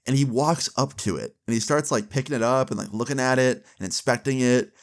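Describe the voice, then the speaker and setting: A man's voice: mid-range voice, fairly quick. A young man telling a long story casually, rambling with lots of fillers. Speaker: vlogger.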